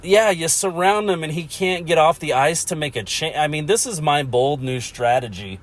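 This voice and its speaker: A man's voice: a little high, normal speed. A man hosting a casual solo podcast, rambling about hockey and laughing at himself. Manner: rambling, chuckles often, self-mocking. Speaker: podcast host.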